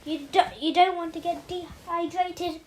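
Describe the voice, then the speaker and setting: A woman's voice: very high voice, steady tone, a little hiss or hum, pitched above the performer's own voice. A woman reading aloud and voicing a cheery, bossy female nurse who fusses and scolds. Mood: fussing. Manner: chirpy, fussing, quick to scold.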